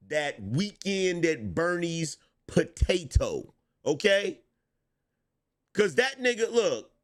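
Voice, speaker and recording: High-voiced guy ranting about politics in slang, laughing, bouncy delivery. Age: middle-aged. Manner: slangy, laughing, animated storytelling with restarts. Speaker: political commentator. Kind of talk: casual reaction commentary.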